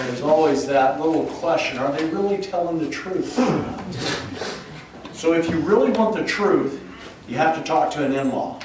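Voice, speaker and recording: A man introducing speakers at a memorial service. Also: a little high. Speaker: memorial emcee. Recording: echoey hall from far off, noisy.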